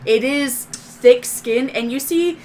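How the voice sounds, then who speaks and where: A woman's voice: high voice, slow, a little mellow, slight background noise. A woman narrating as game master of a tabletop game, describing scenes in a loose, descriptive way with fillers.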